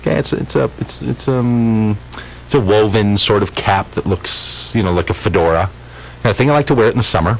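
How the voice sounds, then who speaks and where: A man's voice: on the low side, a little fast, creaky, rough recording. A middle-aged man from Minnesota hosting a radio talk show, telling stories with lots of stammered restarts. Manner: animated storytelling, frequent stammered restarts. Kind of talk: casual radio chat.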